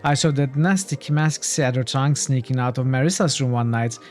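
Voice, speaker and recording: A man's voice: medium pitch, quick pace, a little mellow, faint music behind, close to an everyday voice. A man voicing a timid, sweet-natured young woman in a role-playing game, with a meek, apologetic manner. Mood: relieved.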